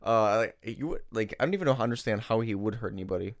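Rambling young man, low voice. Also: rapid-fire, no room sound, clean studio sound. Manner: rambling, filler-heavy, swears. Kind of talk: casual chat. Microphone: close podcast mic.

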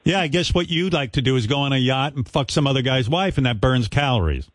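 A male radio host ranting in a profane, mocking way, with a mid-pitched voice that swings widely up and down. The sound is close and dry, with no room around it. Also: animated, quick pace, no room sound. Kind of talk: casual radio talk. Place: radio studio.

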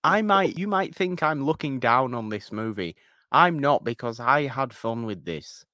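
A man's voice: medium pitch, lively intonation, normal speed, sharp tone, no echo, clean studio sound. A British man co-hosting a podcast, chatting casually in a playful, mock-offended way. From Britain. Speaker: podcast co-host. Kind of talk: casual chat.

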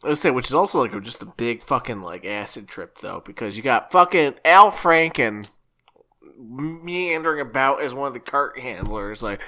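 A man chatting casually about a film, animated and laughing, acting out scenes in silly voices and swearing freely. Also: medium pitch, normal speed. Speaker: podcast co-host. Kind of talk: casual movie discussion.

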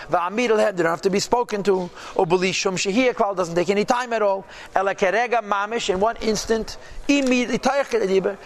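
A man teaching a religious text class, reading phrases aloud and translating each, then asking and answering his own questions. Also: sits high. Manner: lively teaching with rhetorical "yeah?" and "right?". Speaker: Torah teacher.

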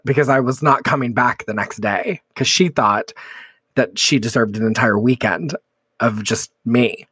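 Guy from texas co-hosting a podcast, animated storyteller, mid-pitch voice, dry close sound. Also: normal speed, dry recording. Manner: animated, vivid storyteller who swears freely. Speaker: podcast co-host. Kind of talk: casual storytelling chat.

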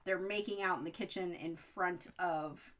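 A woman co-hosting a casual podcast, recapping a film with animated quotes and asides. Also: on the low side, moderate pace. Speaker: podcast co-host. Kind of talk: casual chat about a movie.

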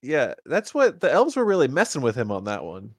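A man joking through a movie rewatch with a co-host, wry and quick to act out the characters' lines. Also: mid-range voice, huge pitch swings, husky, no room sound, studio quality. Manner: wry, jokey, acts out lines in funny voices. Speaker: podcast co-host. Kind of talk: casual movie rewatch chat.

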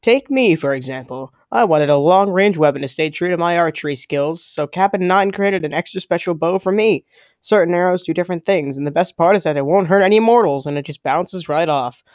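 A man voicing a cheerful camper who delivers an enthusiastic sales pitch for a weapons workshop. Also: a little fast, no room sound, studio quality, natural voice. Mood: promotional. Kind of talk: mock advertisement.

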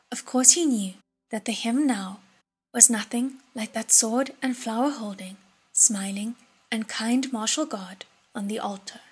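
A woman narrating an audiobook in a soft, half-whispered reading voice. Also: fairly high pitch, slightly rough.

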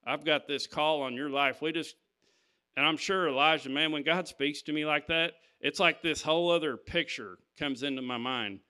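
A man's voice: a little high, moderate pace, bright, forceful tone, clean tone. A man preaching a sermon, reading scripture and talking to the congregation in an emphatic, conversational way.

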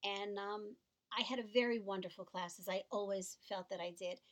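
A middle-aged woman co-hosting a podcast, speaking earnestly and warmly about a serious topic, often repeating words as she goes. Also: mid-range voice, steady tone, moderate pace. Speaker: podcast co-host.

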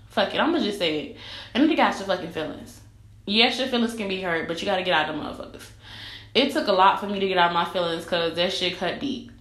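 A woman's voice: medium pitch, a bit bright. A young woman telling her own story in a candid vlog monologue, blunt and profane, driving her points home with repetition. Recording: echoey room with faint ambience.

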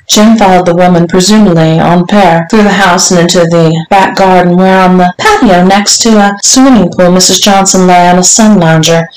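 A woman's voice: on the low side, a little mellow. Woman storyteller in a roomy echo. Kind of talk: scripted story narration.

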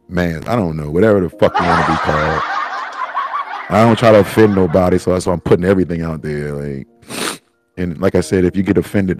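Low-voiced tearful man hosting his own show, rambling and swearing, faint music in the background. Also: a little mellow. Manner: rambling, profane, tearful and laughing. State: crying. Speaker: podcast host. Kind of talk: emotional personal monologue.

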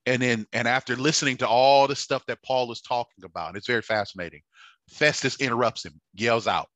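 A man preaching a sermon, halting with fillers and restarts, building to fervent emphasis. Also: medium pitch, a bit bright, no room sound, lo-fi sound.

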